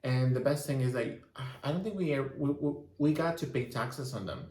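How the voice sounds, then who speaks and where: A man co-hosting a vlog, reviewing his experience in a relaxed way, with frequent restarts and ums. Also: mid-range voice, normal speed, roomy sound. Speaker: vlogger co-host. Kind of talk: casual chat review.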